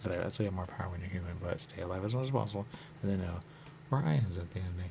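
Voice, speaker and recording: A deep, creaky-voiced man talks rapid-fire over background noise while hosting a radio show. His solo monologue rambles and drifts, circling back to the same points and repeating his catchphrase "there you go" again and again.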